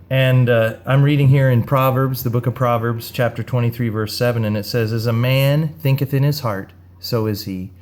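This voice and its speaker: A man ministering in a gentle, earnest, unhurried devotional talk with a story. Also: mid-range voice.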